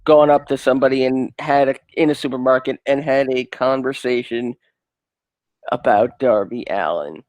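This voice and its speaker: Male co-host, mid pitch, jokey, dry close sound. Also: normal speed, darkish tone, dry recording, rough recording. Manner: jokey, laughs often. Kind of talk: casual podcast chat.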